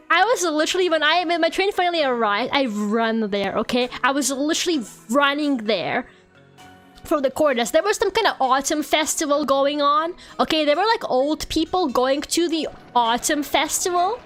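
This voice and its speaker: A woman with a high, bright voice chats as a streamer while playing a game. She tells stories in an animated way and swears often. Faint game music plays underneath. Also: normal speed. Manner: animated storytelling, swears freely. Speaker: VTuber streamer. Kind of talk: casual chat while gaming.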